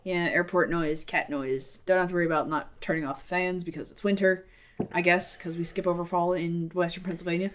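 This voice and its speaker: A woman's voice: lowish voice, steady tone, fairly quick. Chatty, foul-mouthed podcast co-host, woman. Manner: chatty, swears freely, rambling anecdotes. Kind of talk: casual chat. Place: half-unpacked apartment with some echo.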